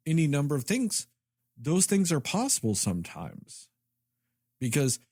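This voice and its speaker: A man co-hosting a film podcast, talking in an animated way with lots of fillers. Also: mid-range voice, no echo, studio quality. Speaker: podcast co-host. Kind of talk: casual film review chat.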